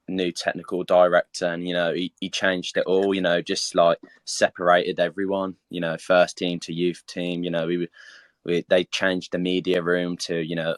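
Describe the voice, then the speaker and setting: A man's voice: sits low, dry recording. A young man, a footballer guest, answering interview questions hesitantly with many fillers.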